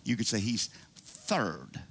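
A man preaching a sermon to his church, animated and climbing into high excited calls. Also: slow pace, vocal fry, a little hiss or hum. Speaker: pastor.

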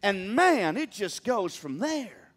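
High, lively-voiced male preacher. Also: slow. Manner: emphatic, calls on the congregation to respond. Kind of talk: sermon.

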